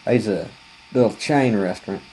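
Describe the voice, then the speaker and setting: A man's voice: on the low side, moderate pace, darkish tone, a little hiss or hum, rough recording. A man, telling a rambling, folksy, profane comic story full of fillers.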